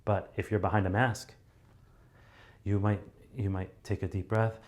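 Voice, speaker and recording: A communication coach teaches public speaking loosely and conversationally, full of fillers and restarts, acting out sample deliveries to illustrate each point. His voice is fairly low and a little mellow, with a flat delivery at a measured pace.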